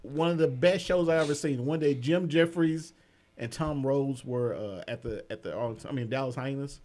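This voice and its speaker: A man's voice: medium pitch, a little mellow. A man co-hosting in casual chat who talks emphatically, repeats himself for effect and laughs often. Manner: emphatic and repetitive, quick to laugh.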